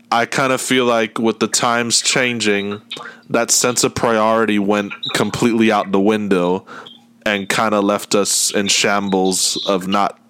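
Low-voiced man chatting casually. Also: clean tone. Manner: relaxed, rambling, laughs often. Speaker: host. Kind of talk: casual chat.

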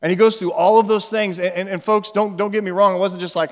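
A pastor preaching a sermon, earnest and animated, with phrases repeated for emphasis. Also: male voice, high-pitched, fairly quick, hardly any pauses. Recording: echoey hall with long reverb.

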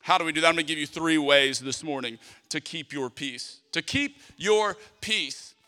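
Preaching as pastor in a church sanctuary, a man from South Louisiana, US, uses emphatic repeated phrases and rhetorical questions. His voice is a little high, bright and forceful, steady in tone and brisk, with long hall reverb from the sanctuary.

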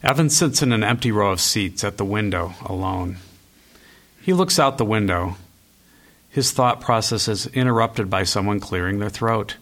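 A man reading screenplay stage directions aloud at a live reading, in a steady, even way. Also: fairly low pitch, moderate pace.

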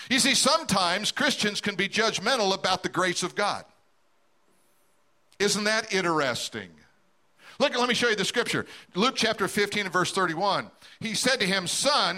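Middle-aged male pastor, storytelling sermon, high bright voice. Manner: storytelling preacher, acting out quoted voices.

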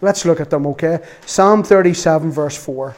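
A man's voice: on the high side, moderate pace, darkish tone. A man preaching a sermon, reading scripture aloud with earnest feeling and a self-mocking sense of humor.

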